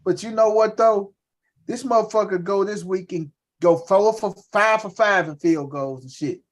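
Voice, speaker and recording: High-voiced profane man talking sports. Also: normal speed. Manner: loud, profane, animated banter about fantasy picks. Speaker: podcast co-host. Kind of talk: casual sports chat.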